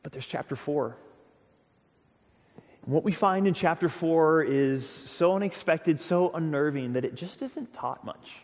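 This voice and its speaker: A man preaching a sermon as a pastor, telling the story with emphatic, expressive delivery and frequent stammered restarts. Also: a little high, measured pace. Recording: long hall reverb.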